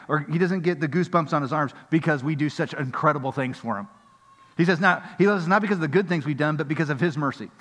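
A middle-aged male pastor giving a conversational sermon that builds into animated storytelling. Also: mid-range voice. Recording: long hall reverb.

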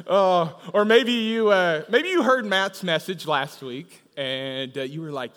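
A man's voice: high-pitched, lively intonation, slow pace, fairly bright tone. A man preaching a sermon in a church, talking conversationally, tossing in frequent "right?" asides and telling humorous stories. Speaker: pastor. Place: church auditorium. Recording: long reverb of a large hall.

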